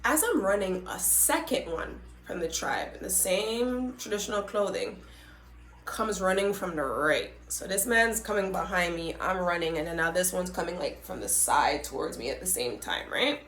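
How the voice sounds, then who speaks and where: A young adult woman hosting a podcast, retelling a story in a dramatic, animated way with frequent asides to her listeners. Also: fairly low pitch, moderate pace. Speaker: podcast host. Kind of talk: casual storytelling.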